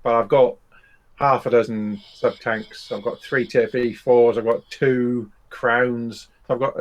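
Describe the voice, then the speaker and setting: A man co-hosts a casual studio chat in a middle-pitched voice. He rambles on, chuckling now and then. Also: level tone, measured pace, lo-fi sound. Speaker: show co-host.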